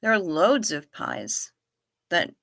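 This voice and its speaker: A woman's voice: lowish voice, big pitch swings, slow, creaky, a bit bright, dry recording, studio quality. A woman hosting a live stream in a casual, chatty way, reading out viewer comments with wry asides and repeating herself for effect. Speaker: livestream host.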